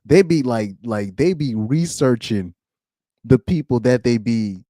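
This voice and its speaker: A man's voice: mid-range voice, lively intonation, a little slow, warm tone, dry recording, studio quality. A man giving blunt, ranting reaction commentary, laughing often between points. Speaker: commentary streamer.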